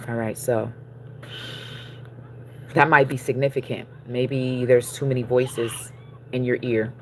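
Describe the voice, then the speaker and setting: A casual spiritual card reading delivered in an easygoing, chatty voice at a mid pitch. The reader keeps reassuring listeners and checking in with them, wandering through fillers and self-corrections. Faint noise sits under the voice. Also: little pitch movement, slow pace. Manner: encouraging, checks in with listeners with frequent "okay?" and "all right?".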